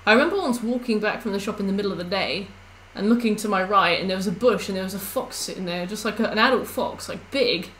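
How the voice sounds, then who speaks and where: A woman's voice: medium pitch, fast, hardly any pauses, fairly bright tone, a little hiss or hum, poor audio. A young woman chatting casually on a live stream while she plays, rambling through stories with lots of fillers.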